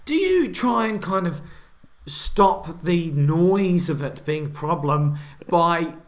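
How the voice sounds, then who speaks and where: A man giving a joking live sports commentary, building into excited play-by-play when the action heats up. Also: on the high side, slow pace. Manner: excitable play-by-play, rising on big moments.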